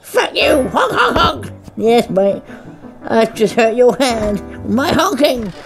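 A woman talks through a game in a high, gravelly voice that swings up and down constantly. She curses freely and taunts the characters, speaking as the goose itself. Faint game music plays underneath. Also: big pitch swings, takes it slowly. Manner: foul-mouthed, taunting, role-playing as the goose in first person. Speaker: gamer. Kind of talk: let's play commentary.

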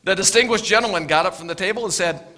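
A middle-aged male pastor preaching a sermon with storytelling, earnest, often repeating his words and dropping to soft asides. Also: high-pitched, quick pace.

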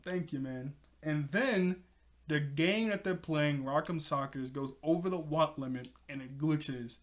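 A man recapping a cartoon episode in casual chat, excitable and chatty, laughing often. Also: on the high side, unhurried.

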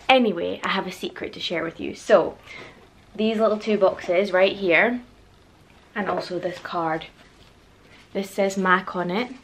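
A young woman, chatting excitedly to a handheld camera in a casual vlog and laughing often. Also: mid-range voice, takes it slowly, pauses often, slightly rough. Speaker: vlogger.

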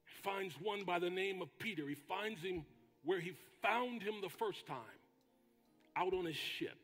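Pastor, male, husky voice with a high pitch, preaching in a hall with long reverb, dramatic pauses and shouted lines. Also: faint music behind. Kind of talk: sermon. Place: church sanctuary.

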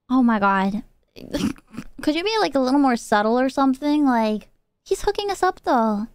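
A woman streaming a video game live, excitable, gasping and squealing. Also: sits high, normal speed, clear, resonant tone, no echo.

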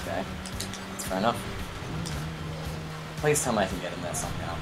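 A man's voice: sits low, expressive, fairly quick, over loud music, rough recording. A man co-hosting a gaming channel, chatting casually and goofing around as he plays. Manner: goofy, shouts and chants mid-game. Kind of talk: casual gameplay chat.

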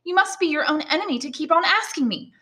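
A woman's voice: high voice, lively intonation, quick pace, bright, forceful tone, voice pushed up. A woman reading aloud, voicing a poor young orphan girl who speaks firmly and frankly in a raised, insistent voice. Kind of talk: audiobook reading.

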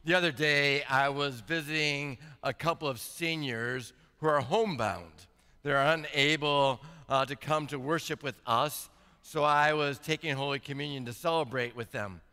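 Bright-voiced pastor in a reverberant church. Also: male voice, a little high, smooth. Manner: reads scripture slowly and deliberately; builds to emphatic, rising intensity. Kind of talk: sermon. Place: church sanctuary.

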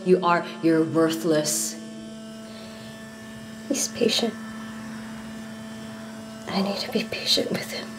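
An actress playing a soldier fighting PTSD, her voice strained and moving between hushed whispers and sudden outbursts. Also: medium pitch, low-quality recording. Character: soldier woman battling PTSD and inner self-loathing. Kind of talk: film drama acting.

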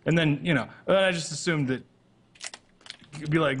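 A man's voice: fairly high pitch, expressive, a little fast, creaky, pauses often, a little hiss or hum. A man hosting a casual podcast on a voice call, rambling and hesitant, swearing casually. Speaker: podcast host. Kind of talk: casual chat. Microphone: computer mic on a voice call.

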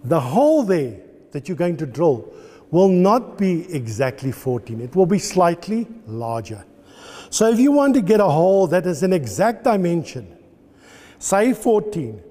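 High-voiced male lecturer in an echoey workshop. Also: sing-song, unhurried, warm tone. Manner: patient step-by-step explaining. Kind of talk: hands-on workshop demonstration. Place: engineering workshop at a lathe. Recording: reverberant workshop with faint ambient noise.

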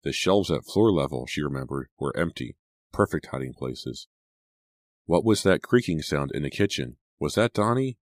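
A man narrating a horror audiobook in a measured, suspenseful reading. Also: extremely low pitch, animated, no room sound, studio quality.

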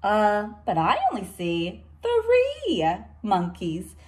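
A woman's voice: medium pitch, huge pitch swings, drawn-out words, a little mellow, exaggerated voice. A woman voicing a polite sales lady in a storybook, pointing out the counting mistake with a hesitant "uh". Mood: puzzled.

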